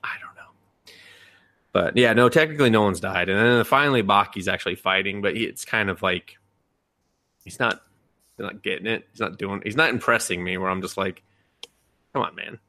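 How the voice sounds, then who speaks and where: A podcast co-host recaps anime in casual conversation, telling it animatedly, acting out quotes, swearing, and laughing. His voice is lowish and fairly quick, and the recording is dry.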